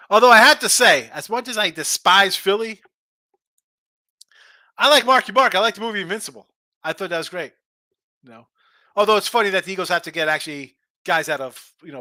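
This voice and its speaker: Ranting sports betting host, bright voice. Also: male voice, a little high, no room sound. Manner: blunt, ranting, animated. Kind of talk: casual live-stream chat reading viewer comments.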